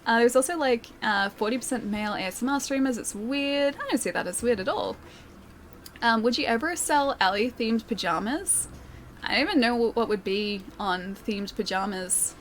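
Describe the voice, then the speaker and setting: A woman's voice: a little high, expressive, moderate pace, a little hiss or hum. A young Australian woman streaming a video game, chatting casually, answering viewers and laughing often, with a soothing voice. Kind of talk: casual live-stream chat while gaming.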